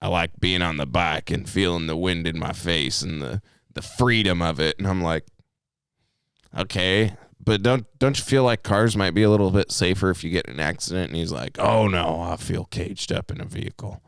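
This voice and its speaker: A man's voice: low-pitched, normal speed, vocal fry, a bit bright, smooth, no echo, studio quality. A young man co-hosting a podcast, telling stories in a laid-back, casual way and swearing freely. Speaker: podcast co-host. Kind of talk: casual chat.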